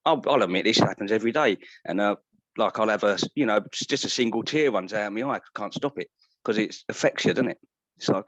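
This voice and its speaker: A man's voice: lowish voice, fast talker, fairly bright tone, no echo. A man speaking earnestly in a casual group chat over a remote call. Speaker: guest.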